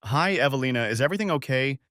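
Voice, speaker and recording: A man playing a steady reassuring grown son, lively pitch. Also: fast talker, no echo, studio quality, close to an everyday voice.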